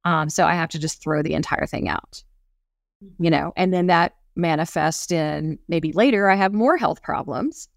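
A woman's voice: sits low, moderate pace, gravelly, dry recording, clean studio sound. A middle-aged woman co-hosting a podcast in casual chat, reflective and storytelling, acting out little quotes. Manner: reflective, tells examples, acts out quotes. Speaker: podcast co-host.

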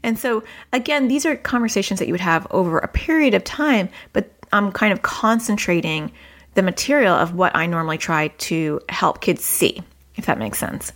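A woman in her thirties, a parenting coach, giving advice in a chatty podcast style and jumping up in pitch when she acts out what children say. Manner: conversational, acts out quoted dialogue with lively pitch jumps.

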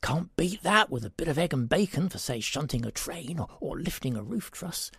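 Man voicing an odd, pompous professor, self-justifying, gravelly, dry sound. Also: a little high, big pitch swings, normal speed, fairly bright tone, no room sound, heavily acted. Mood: blustering.

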